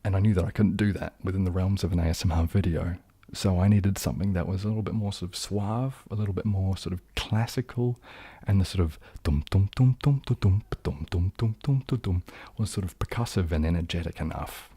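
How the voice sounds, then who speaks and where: A young New Zealand man with a low, dark, husky voice and an accent that drifts toward southern English. He chats casually on a live stream, rambling through ums and false starts in a self-deprecating way. The sound is close and dry. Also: brisk, dry recording. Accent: New Zealand, leaning southern English. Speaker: ASMR streamer hosting a live chat.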